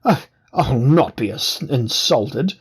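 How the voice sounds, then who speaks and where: A man's voice: mid-range voice, lively intonation, takes it slowly, slightly rough, full character voice. A man voicing a narrator in disguise as a common man, speaking in a wheedling whine. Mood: wheedling, defiant.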